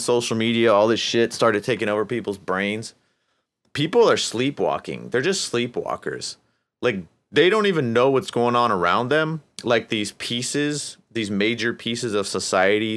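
A man hosting a casual solo podcast, rambling and profane, breaking into high mocking voices. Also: fairly bright tone, smooth. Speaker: podcast host.

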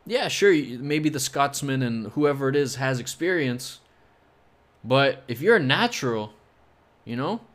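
A man hosting his own podcast alone, making fight predictions in a rambling, joking way with lots of fillers. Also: on the high side. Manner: rambling, joking, heavy on "you know" fillers. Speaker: podcast host.

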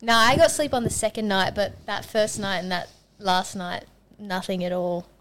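A woman's voice: medium pitch, steady tone, moderate pace, fairly bright tone. A woman, a youth leader, chatting casually and earnestly in a podcast conversation. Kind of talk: casual chat.

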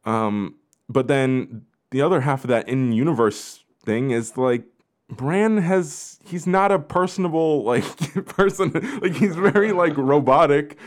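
A man's voice: on the high side, unhurried. A man hosting a casual discussion, rambling with lots of fillers and restarts while he moderates. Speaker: podcast host.

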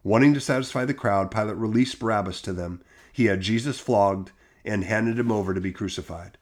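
A man reading Bible passages aloud in a steady, measured way, lightly voicing the quoted lines. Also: fairly low pitch. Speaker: scripture reader.

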